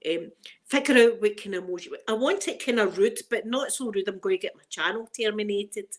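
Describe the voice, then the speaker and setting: Scottish woman, middle-aged, chatty storyteller, rambling, quick to laugh. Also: medium pitch. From Scotland. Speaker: livestream host. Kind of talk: casual storytelling chat.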